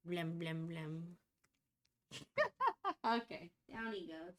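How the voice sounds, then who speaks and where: A woman's voice: on the low side, lively intonation, slow pace, pauses often, a bit bright. A woman streaming live, chatting casually and rambling playfully to herself as she works. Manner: rambling, playful, self-talking while working.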